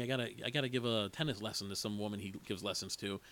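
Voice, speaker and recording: A man's voice: mid-range voice, a little fast. Rambling man recapping a movie. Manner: rambling, animated retelling with quoted lines and asides. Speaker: movie reviewer.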